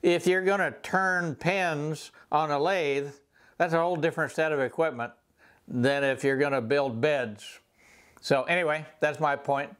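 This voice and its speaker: An older man with a Southern accent giving a rambling, folksy tour of his home garage workshop, pausing often with "uh". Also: on the high side, steady tone, a bit bright, clean tone. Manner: rambling, folksy, many "uh" pauses. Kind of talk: casual tool tour.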